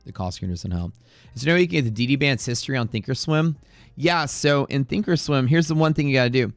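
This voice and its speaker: Speaking fast and with animation, this medium-pitched man runs a live day-trading stream out of the Houston area. He rambles in a chatty, occasionally profane way, casual stream talk over faint music in a dry, echo-free recording.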